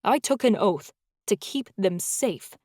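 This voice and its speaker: An earnest male professor speaks low and insistently, as a female narrator puts him on. The voice sits a little low in pitch. The recording is dry, with no room sound. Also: steady tone, slow pace, a little mellow, no echo. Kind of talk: audiobook character voice.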